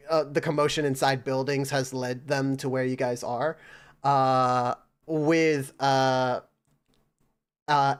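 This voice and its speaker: A man's voice: mid-range voice, smooth. A man narrating a tabletop game as game master, in casual speech full of fillers.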